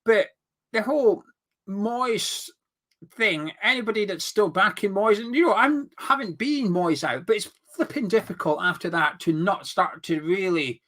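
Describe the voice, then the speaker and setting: A young man hosts a football fan chat, plainly worked up and exasperated. His voice is bright and sits a little high, and it swings widely as he rants. He turns sarcastic now and then. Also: animated, moderate pace. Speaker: fan channel host. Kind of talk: heated football fan commentary.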